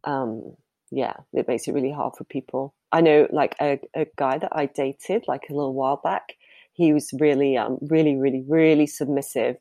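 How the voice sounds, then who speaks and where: A woman's voice: extremely low pitch, fairly even intonation, normal speed, warm tone, no echo. A woman, a professional dominatrix, answering interview questions in a candid, chatty way and laughing easily.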